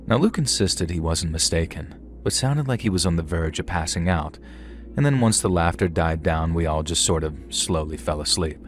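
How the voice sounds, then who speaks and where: Male narrator, middle-aged, very low voice, measured, dry humour, first-person horror tale. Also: soft background music. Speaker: storyteller.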